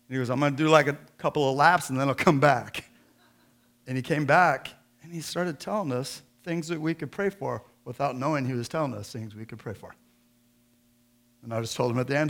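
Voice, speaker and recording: A middle-aged man preaching a sermon in church, swinging between joking folksy asides and loud, emphatic scripture reading. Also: medium pitch, normal speed. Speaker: pastor.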